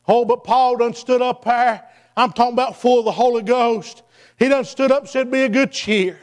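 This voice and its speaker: A male preacher delivers his sermon in a very high voice. He rides a chanting cadence, punctuating nearly every phrase with "uh, hey." His exhortations climb toward shouts.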